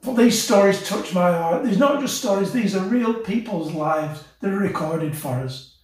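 Impassioned preacher in an echoey hall. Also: male voice, high voice, expressive, moderate pace. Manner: passionate, rising to emotional peaks then dropping soft. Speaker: pastor. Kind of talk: sermon. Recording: very echoey, from a distance.

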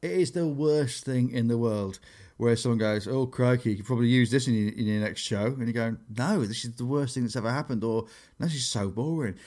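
A man's voice: mid-range voice, quick pace, few pauses. A man, a comedian telling stories in casual podcast chat and acting out what people said. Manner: animated storytelling, acts out quotes.

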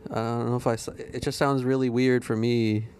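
A man's voice: mid-range voice, little pitch movement, moderate pace, darkish tone, clean tone. A man guesting on a podcast in casual chat, laid-back and hesitant, often trailing off. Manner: laid-back, hesitant, says "I don't know" a lot.

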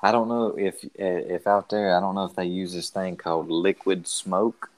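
A man's voice: sits low, little pitch movement, moderate pace, a little mellow. A man from North Carolina, hosting a podcast in a laid-back casual chat and steering the topics. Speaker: podcast host.

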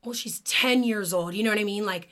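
A woman's voice: medium pitch, brisk, a bit bright. A young woman co-hosting a true crime podcast, telling the case in a casual, chatty way with lots of "like" and some swearing. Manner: casual, swears, says "like" often, emotional about the case.

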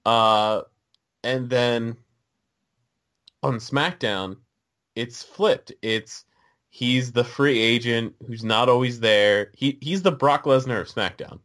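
A man's voice: mid-range voice, slow pace, fairly bright tone. A man co-hosting a casual podcast chat, loose and chatty, asking questions and laughing often. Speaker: podcast co-host.

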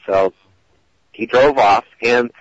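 A man's voice: mid-range voice, takes it slowly, dry recording, highs cut off. A man telling stories in a casual podcast, rambling with many hesitations and acting out the quotes.

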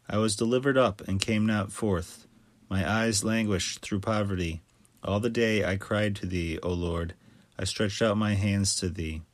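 Male scripture reader, solemn and measured; low voice, close dry sound. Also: no echo. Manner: measured, steady reading cadence.

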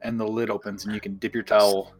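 Low-voiced man, dry teasing banter. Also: little pitch movement, fast, soft background music. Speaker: podcast co-host. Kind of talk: casual chat.

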